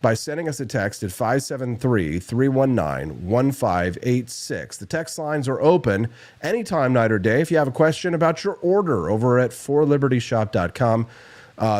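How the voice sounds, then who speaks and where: A man's voice: lowish voice, a little mellow. A male talk show host telling a long anecdote in a loose, rambling way, full of fillers and restarts. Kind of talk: casual radio talk show.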